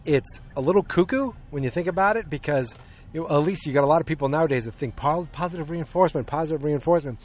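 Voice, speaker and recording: Talking quickly in a fairly high, slightly mellow voice, a man hosting a podcast walks through a film's plot. His recap is casual and meandering, full of ums and false starts, and he acts out the quotes.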